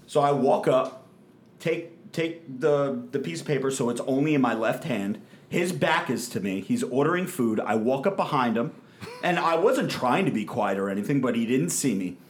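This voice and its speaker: A man's voice: mid-range voice, normal speed, slight background noise. A young man telling a story on a podcast, swearing constantly and acting out what people said. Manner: profane, animated, acts out quotes. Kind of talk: casual storytelling.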